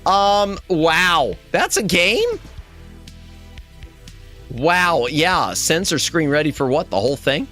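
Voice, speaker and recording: Lively bright-voiced male streamer, rambling. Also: takes it slowly, pauses often. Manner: rambling, self-correcting, jumps to high squeaky exclamations. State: strained throat. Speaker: VTuber streamer. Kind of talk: casual live-stream chat with viewers. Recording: faint music behind the voice.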